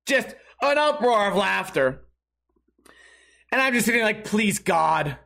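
A man's voice: very high voice, expressive, measured pace, gravelly, pushed and bright. A man telling a comic story in a sarcastic, exaggerated, profane rant.

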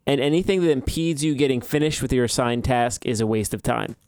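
Man podcast host, easygoing, smooth clear voice, dry close sound. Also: medium pitch, a little fast, no room sound. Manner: calm, easygoing, teasing questions. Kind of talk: casual chat.

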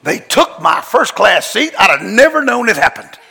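A high, animated male preacher with a gravelly, husky voice, telling his story in a folksy, emphatic drawl. His bright, forceful delivery rings out in a big hall with a long reverb. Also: moderate pace. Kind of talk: storytelling sermon. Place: large church hall.

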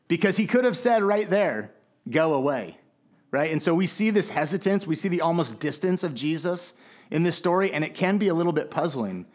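A man's voice: fairly high pitch, lively intonation, fairly quick. A man preaching a sermon in a casual, conversational way, with many fillers and restarts. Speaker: pastor.

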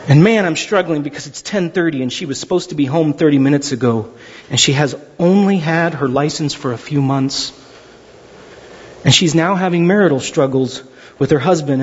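Pastor guy preaching, highish husky voice, lots of hall reverb, kinda muffled sound. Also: a little fast. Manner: animated storytelling, voices quotes. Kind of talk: sermon. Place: large church hall.

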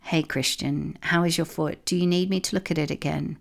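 Young storybook witch, kind but wary, soft and polite, low and gravelly, voiced by a woman reader. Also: fairly even intonation, brisk.

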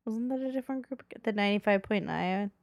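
A woman's voice: mid-range voice, fast talker, creaky, no echo, clean studio sound. A woman in her forties co-hosting a podcast, chatting casually and joking, quoting movie lines. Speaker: podcast co-host. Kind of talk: casual chat.

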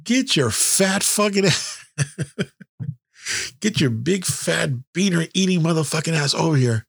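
A man's voice: on the high side, animated, measured pace, vocal fry, slightly rough, dry recording, studio quality, pitched above the performer's own voice, heavily acted. A man voicing a crude, threatening army drill sergeant who barks insults. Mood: yelling. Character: profane yelling male army drill sergeant.

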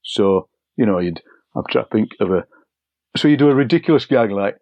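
An older man, a poet, telling anecdotes in a relaxed interview and acting out overheard phrases. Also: on the low side, fairly quick, no echo, muffled recording. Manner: chatty, anecdotal, acts out overheard lines. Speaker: poet and broadcaster, interview guest. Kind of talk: relaxed storytelling conversation.

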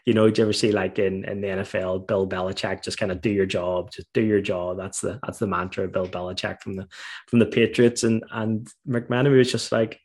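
A man's voice: on the low side, fairly quick. A middle-aged man from Northern Ireland, a former footballer, telling stories in a casual interview and often laughing as he recalls them. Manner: animated storytelling, laughs while recalling.

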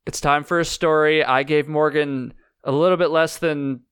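A man's voice: on the high side, steady tone, moderate pace, a bit bright, clear, resonant tone, no room sound, studio quality. A man hosting a podcast, easygoing and chatty with loose restarts. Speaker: podcast host. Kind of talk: casual podcast chat.

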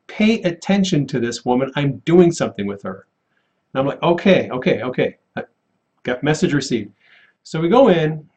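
Guy with a slightly high voice, telling a personal faith story, lively, laughs a lot, acts out the voices. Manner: animated, laughs often, acts out quoted voices. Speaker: paramedic and guest sharing a testimony. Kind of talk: casual storytelling testimony.

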